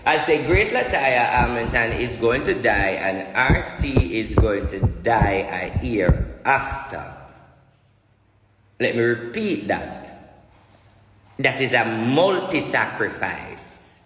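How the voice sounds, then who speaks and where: A man's voice: medium pitch, fairly bright tone, slight background noise. Jamaican man preaching in an echoey room. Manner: emphatic, repetitive, preachy prophesying. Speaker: self-styled spiritual prophet. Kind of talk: ranting monologue. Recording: echoey room with long reverb.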